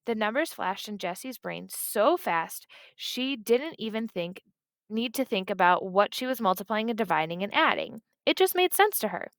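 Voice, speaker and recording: A woman narrating a children's book in a steady, expressive storytelling manner, close to the mic. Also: mid-range voice, moderate pace, no room sound. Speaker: audiobook reader.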